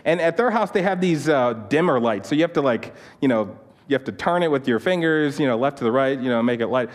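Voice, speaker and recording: A man preaching a sermon, telling a personal story with animated restarts and asides, then praying in a quieter tone. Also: quick pace. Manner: animated storytelling, many restarts, repeats "okay?"; turns soft and low in prayer. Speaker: youth pastor. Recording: long hall reverb.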